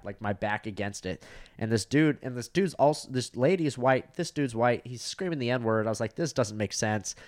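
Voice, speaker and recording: Rambling, profane young man telling stories. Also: medium pitch. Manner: profane, rambling, lots of 'like'. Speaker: podcast co-host, comedian. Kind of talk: casual storytelling chat.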